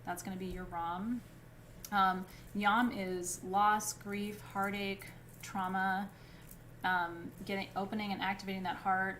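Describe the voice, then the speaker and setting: A woman teaching a live class on crystals and chakras. She talks in an informal, chatty way, fills pauses with "um", keeps checking in with "right?", and laughs easily between points. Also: mid-range voice, a little hiss or hum. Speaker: spiritual teacher.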